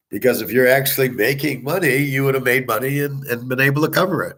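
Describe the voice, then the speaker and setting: Guy ranting, cussing a lot, scornful and blunt, mid pitched voice. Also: brisk, few pauses, fairly bright tone. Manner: blunt, scornful, swearing often. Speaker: sports handicapper and commentator. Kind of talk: profane ranting monologue.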